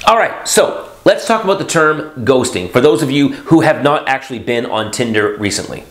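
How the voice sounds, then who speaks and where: A man speaking as a motivational speaker in a vlog, sarcastic and jokey, breaking into sudden loud high bursts. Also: lively intonation, moderate pace, roomy sound. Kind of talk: animated vlog monologue.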